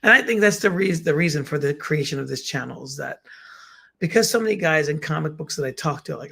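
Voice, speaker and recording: A middle-aged man with a Bronx accent, co-hosting a casual chat from his living room, talking haltingly with many restarts. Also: a little high, lively intonation, vocal fry, sharp tone, breathy edge. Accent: Bronx, New York. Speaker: podcast co-host.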